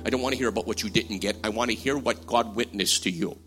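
A man's voice: lowish voice, fast. Man preaching over guitar music. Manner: rising from hushed to loud and emphatic. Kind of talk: sermon. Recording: music playing behind voice.

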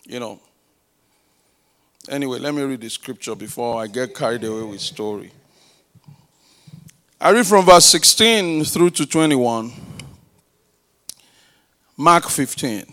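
A middle-aged man preaching in a slow, deliberate rhythm, his voice sitting fairly high for a man. He prays aloud, calls for answers from the congregation and builds his stories into loud, emphatic peaks. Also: animated. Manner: prays aloud and uses call-and-response with the congregation. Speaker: pastor. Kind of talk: sermon.

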